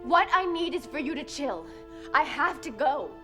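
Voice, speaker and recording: A woman's voice: sits high, animated, normal speed, sharp tone, soft background music. An actress playing a defiant teenage girl vampire slayer, tense and pleading.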